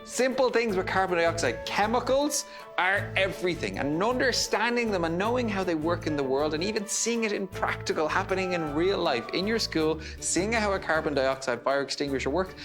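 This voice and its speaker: A man's voice: sits high, animated, fairly quick, over music. A man demonstrating a science experiment for children, enthusiastic and explanatory. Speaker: science presenter.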